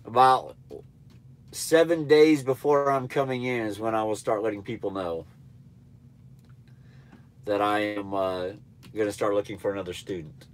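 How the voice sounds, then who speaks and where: A man's voice: fairly low pitch, steady tone, moderate pace, pauses often. Nasal man chatting on a live stream. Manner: laid-back, rambling, blunt. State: stuffy nose. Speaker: truck driver trainer livestreaming. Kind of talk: casual live-stream chat answering viewers.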